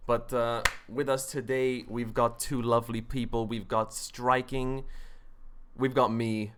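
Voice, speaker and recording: A man's voice: medium pitch, level tone, unhurried, noisy background. A man hosting a casual gaming podcast, talking loosely with swearing and laughing asides. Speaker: podcast host.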